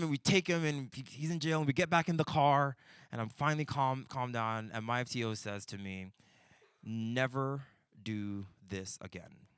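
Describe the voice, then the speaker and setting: A man's voice: mid-range voice, pushed and bright, clear, resonant tone, dry recording, studio quality. A man giving a conversational church leadership talk, telling stories with frequent restarts and bursts of intensity. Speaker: pastor teaching a breakout session. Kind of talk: conversational sermon teaching.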